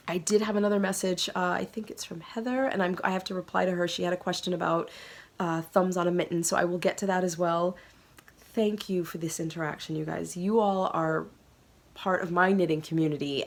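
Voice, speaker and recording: Earnest woman hosting a knitting vlog. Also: medium pitch. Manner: warm, earnest and emotional, with many ums and soft laughs. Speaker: knitting podcast host. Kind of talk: casual chat to camera.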